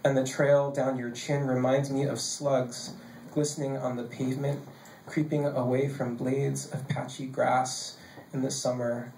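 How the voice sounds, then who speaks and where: A man reads his own poems live into a handheld stage mic in a basement bar. He jokes casually between poems and slows into a measured delivery for the verse. The room is echoey, with faint noise beneath. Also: mid-range voice, flat delivery, a little mellow. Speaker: poet reading his own work. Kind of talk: live poetry reading.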